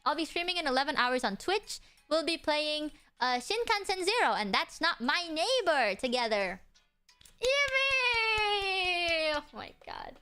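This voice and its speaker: Streamer, female, high bright voice, playful and foul-mouthed, faint music behind. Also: sing-song, moderate pace, few pauses. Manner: playful, swears freely. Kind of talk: casual livestream chat.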